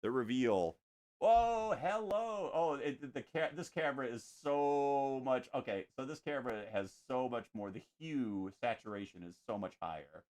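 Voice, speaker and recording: A man's voice: medium pitch, normal speed, few pauses, dry recording. A man chatting casually while painting on a live stream at home, joking and making little sound effects as he works. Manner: animated, jokey, makes sound effects. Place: home studio.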